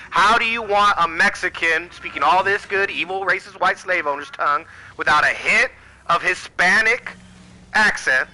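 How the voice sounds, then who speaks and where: An American channel host with a fairly high, bright, forceful voice rants to camera about politics, heated and profane, firing off rhetorical questions. The audio quality is poor.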